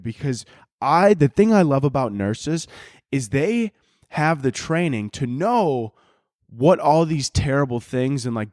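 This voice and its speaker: A man's voice: mid-range voice, a little mellow, no echo, studio quality. Rambling, cursing podcast host man. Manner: rambling, profane, laughs often. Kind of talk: casual comedic podcast monologue.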